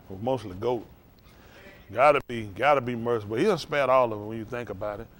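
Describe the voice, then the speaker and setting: A man's voice: mid-range voice, slight background noise. Rambling older man preaching folksy sermon. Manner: folksy, rambling, animated storytelling. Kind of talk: informal sermon.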